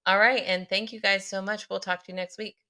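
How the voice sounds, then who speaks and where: A woman's voice: medium pitch, flat delivery, brisk, pushed and bright. A woman co-hosting a podcast, chatty and upbeat as she reads out show details. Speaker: podcast co-host. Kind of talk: casual chat.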